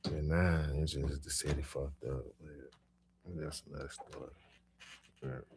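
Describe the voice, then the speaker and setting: A young man telling a profane street story in casual talk, swinging between low mutters and loud animated bursts. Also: a little slow, a little hiss or hum. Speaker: podcast storyteller.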